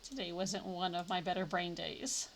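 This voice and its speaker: A woman streams a game live, chatting casually as she thinks aloud and bursts into sudden playful exclamations. Her voice is on the low side with fairly even intonation, at normal speed, with slight background noise.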